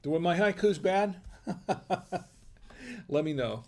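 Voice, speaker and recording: A man's voice: on the high side, lively intonation, moderate pace, a little mellow. Chatty man hosting a livestream. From United States. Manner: chatty, reads chat messages aloud, asks viewers questions. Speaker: wine review livestream host. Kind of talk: casual livestream chat.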